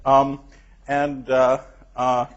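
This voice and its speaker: A man giving an academic colloquium lecture in a hall with a clip-on mic, emphatic and energetic, often laughing at his own remarks. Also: medium pitch, very slow. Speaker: guest lecturer. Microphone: clip-on microphone. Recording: dull lo-fi lecture recording.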